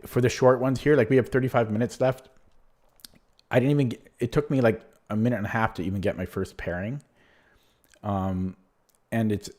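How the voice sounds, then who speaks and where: Man muttering through an online chess game. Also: lowish voice. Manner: thinks aloud, muttering moves half to himself; casual, self-deprecating, rambling asides. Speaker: chess streamer. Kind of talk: live commentary while playing online chess.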